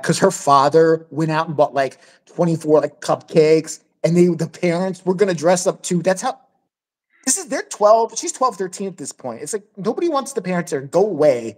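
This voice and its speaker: A woman's voice: lowish voice, expressive, normal speed, a little mellow. A woman hosting a podcast, telling a crude, blunt story in casual chat and swearing freely. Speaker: podcast host.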